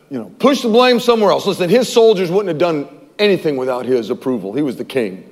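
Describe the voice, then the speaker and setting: A man's voice: fairly high pitch, very animated, brisk, darkish tone. A man pastor preaching a sermon, reading scripture aloud with wry asides and chuckles, in a church sanctuary. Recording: long reverb in a hall.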